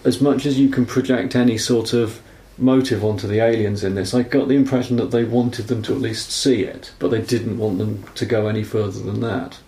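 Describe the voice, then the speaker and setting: A man talks through a film in a casual podcast chat, his voice gravelly with a mellow, dark tone. He rambles, corrects himself as he goes and apologises for getting nerdy. The room around him sounds echoey. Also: on the low side, steady tone, a little fast, few pauses. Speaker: podcast co-host.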